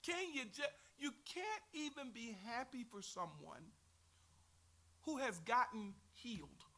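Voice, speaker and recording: A man's voice: very high-pitched, lively intonation, slow pace, bright, forceful tone. A middle-aged man with a Texan accent teaching a Sunday Bible class in a folksy, earnest way, teasing his class now and then.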